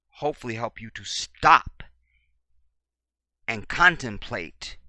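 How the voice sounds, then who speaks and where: A man delivers a preachy commentary monologue with a lively, rising and falling voice. He hammers his points through repetition, jumping from near-shouts down to low murmurs. His tone is bright and forceful, and the recording is dry. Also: dry recording. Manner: swings from loud to very quiet. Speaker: commentary channel host.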